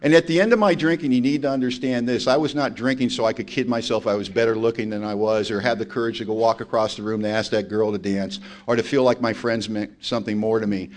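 A man's voice: fairly low pitch, quick pace. A man speaking at a recovery meeting, telling his story in a blunt, emphatic and self-mocking way. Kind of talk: personal testimony talk.

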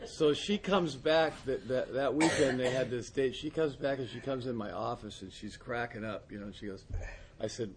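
A man's voice: medium pitch, moderate pace, crowd noise. A man acting as a recovery sponsor, telling a casual anecdote, laughing often and stumbling over repeated words.

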